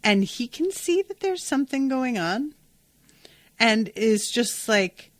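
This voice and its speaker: A woman's voice: on the high side, sing-song, slow pace, dry recording. A woman hosting a podcast and recapping a TV episode in a casual, gushing way, and she swears freely. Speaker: podcast host.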